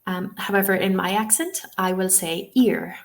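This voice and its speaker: A woman's voice: mid-range voice, fairly even intonation, moderate pace. An Irish woman leading a webinar lesson on pronunciation, modelling sounds one by one and checking in with "okay?" as she goes. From Ireland. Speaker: TEFL trainer.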